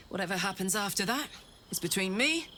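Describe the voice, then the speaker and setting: A woman's voice: mid-range voice, pushed and bright, a little hiss or hum. A woman voicing a tough, tired female warrior who sighs and speaks plainly. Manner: tired, sighing, plain-spoken. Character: tough female warrior, weary, gruff and warm-hearted. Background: game music.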